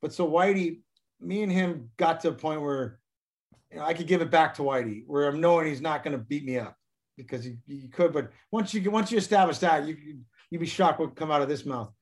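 Guest ex-player, man, slightly high voice, loose rambling anecdotes with laughs. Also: brisk. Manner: rambling, laughing, many restarts. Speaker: former pro hockey player, guest. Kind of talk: casual storytelling interview.

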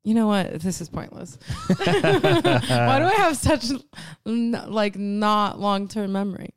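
A woman's voice: mid-range voice, expressive, slow pace, dry recording. A woman co-hosting a casual movie podcast, rambling, laughing often and swearing freely into a close mic. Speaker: podcast co-host.

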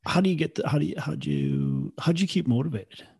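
Interview host, male, middle pitch, recaps then asks short questions. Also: huge pitch swings, fast talker, a little mellow, slightly rough. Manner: brief affirmations, recaps before questions. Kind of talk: casual interview.

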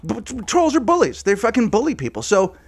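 A man's voice: high-pitched, fairly quick, creaky, slightly rough. A man co-hosting a casual comedy chat, telling a story with lots of swearing and laughter. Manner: profane, animated storytelling with frequent laughs. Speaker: podcast co-host.

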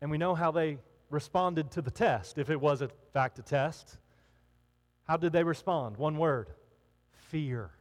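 A male pastor delivering an animated sermon, his voice sitting high and swooping widely as he acts out the people in the story. He speaks in a hall where his words ring out with a long reverb. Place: hall with an audience.

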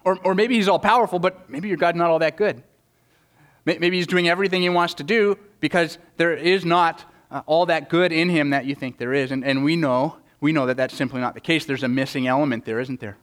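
Male pastor, earnest sermon delivery, a touch higher-pitched, repeats himself for emphasis. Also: steady tone, a little fast, a bit bright. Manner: earnest, repeats words when pressing a point; acts out quoted prayers in a raised voice.

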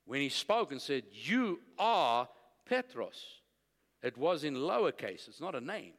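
A man preaching a sermon, telling stories and building to loud declarations of faith. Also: mid-range voice, big pitch swings, a little fast, in a large hall.

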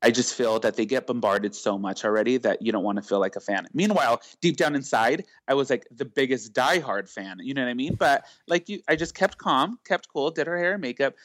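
A man's voice: medium pitch, a little fast, hardly any pauses, dry recording, clean studio sound. A young man, a celebrity makeup artist, telling a story in a casual interview. He talks animatedly and acts out other people's lines. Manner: animated, acts out quoted dialogue, heavy use of filler.

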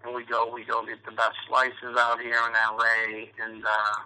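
A man's voice: medium pitch, completely flat delivery, normal speed, sharp tone, smooth, poor audio. A man from New York, an actor guest chatting casually in an interview, rambling with lots of fillers and restarts.

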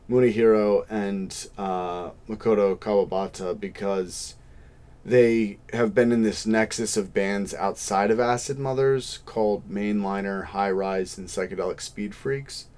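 Young guy, low pitch, rambling podcast co-host, self-deprecating. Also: a little mellow. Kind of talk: casual chat.

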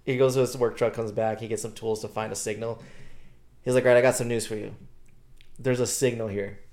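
A man's voice: mid-range voice, a little fast. A young man on a podcast, telling a story in casual chat, slangy and swearing freely, acting out what others said. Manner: animated, slangy, swears freely, acts out quoted dialogue. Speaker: podcast co-host.

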